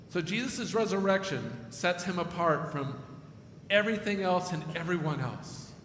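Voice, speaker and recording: A male pastor delivers a sermon in a forceful, bright voice set slightly high, dropping to hushed tones and then swelling to emphatic peaks. He sounds like he is in a church sanctuary, with a long, roomy reverb trailing his words and a faint noise underneath. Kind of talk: sermon storytelling.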